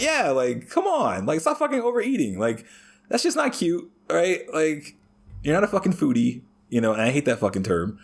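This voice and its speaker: A man chatting casually as a podcast guest, swearing heavily and telling crude stories in an animated way. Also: mid-range voice, normal speed, vocal fry, husky. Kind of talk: casual chat.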